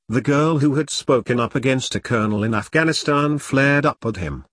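Guy reading an audiobook, measured, expressive, dry close sound. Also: medium pitch, breathy edge, dry recording. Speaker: audiobook narrator. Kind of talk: scripted narration.

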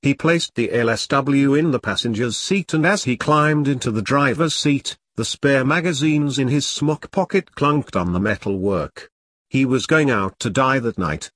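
Husky male audiobook narrator. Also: medium pitch.

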